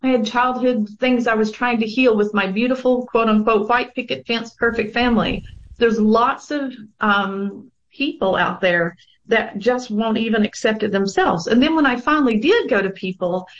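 A woman's voice: fairly high pitch, moderate pace, dull audio. A woman guest on a talk show, earnestly telling her own story with frequent ums. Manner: earnest storytelling with many fillers. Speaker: guest, abuse survivor and advocate. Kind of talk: personal testimony on a talk show.

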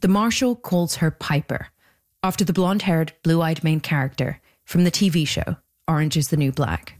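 A woman hosting and narrating a documentary podcast in a measured, scripted delivery. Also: low voice. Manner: measured, even storytelling delivery.

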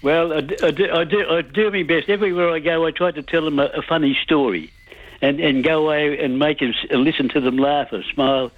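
A man's voice: fairly high pitch, fairly even intonation, brisk, no echo. An older man calling in to a radio show, cheerful and rambling, often stumbling over his words, heard over a tinny phone line. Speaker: caller. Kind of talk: phone-in chat.

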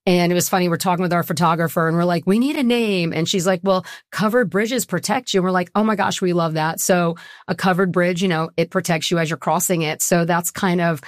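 A woman's voice: fairly low pitch, dry recording, studio quality. A middle-aged woman, a guest on a talk show, telling her own story in an earnest, personal and sometimes emotional way. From Southwest Florida. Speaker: guest, nonprofit co-founder. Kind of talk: casual interview conversation.

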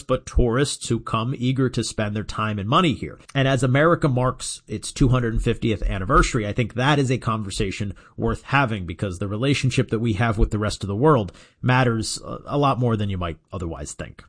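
A man reading a radio commentary in a steady, measured way, closing as a regular of the show. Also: fairly low pitch.

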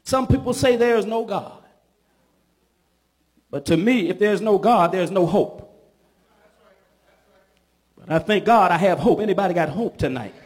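A man, a bishop, preaching a sermon in church, calling for responses from the congregation and building up to shouts. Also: high voice, a little slow, pauses often.

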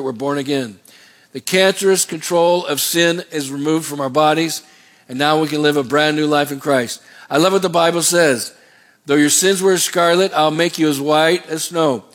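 Pastor guy preaching, kinda high voice, asks the church to answer back. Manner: preachy, call-and-response questions to the congregation. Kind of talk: sermon.

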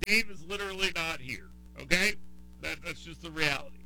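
A man from the American South hosting a talk radio show in casual chat. He rants with exasperation and circles back to the same point. His voice is high and bright with real edge. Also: sing-song, a little fast, faint music behind, rough recording. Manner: exasperated ranting with repetition.

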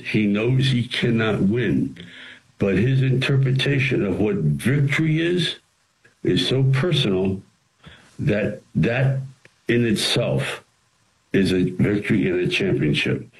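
A man's voice: lowish voice, poor audio. An older man, an actor and writer, telling rambling anecdotes in an interview and acting out quotes along the way. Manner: rambling, animated storytelling with acted-out quotes.

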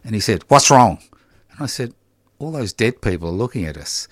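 A man's voice: on the low side, quick pace, dry recording. An older man with an Australian accent hosting a radio chat, telling stories in a wry, repetitive way. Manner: wry, repetitive, lively storyteller. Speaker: radio host. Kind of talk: casual on-air chat. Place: radio studio.

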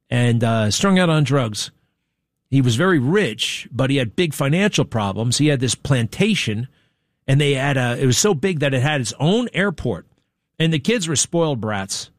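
This is a male talk-show host in a studio, speaking in a casual, digressive way. His voice sits in the middle range, and his tone is wry. The sound is close and dry, with no room echo. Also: medium pitch. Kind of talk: rambling monologue, casual chat.

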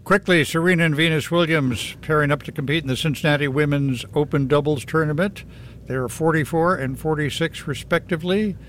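A man hosting a news radio show, asking questions in a relaxed, friendly way. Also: on the high side, a little fast, slight background noise. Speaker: radio host.

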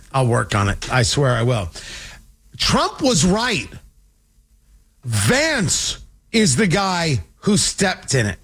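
A man delivering an opinionated political monologue, sarcastic and animated, slipping into mocking voices. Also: high-pitched, breathy edge. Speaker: political commentator.

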